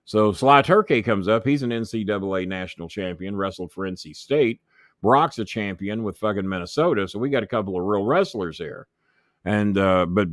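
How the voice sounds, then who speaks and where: A man's voice: on the low side, a bit bright, no room sound, clean studio sound. A man, a former wrestling manager, tells backstage stories as an interview guest, swearing freely and acting out the voices of people he quotes. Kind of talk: profane anecdotal storytelling.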